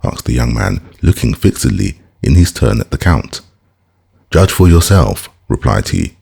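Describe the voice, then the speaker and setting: Very deep gravelly audiobook narrator. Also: male voice, moderate pace. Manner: steady, formal storytelling.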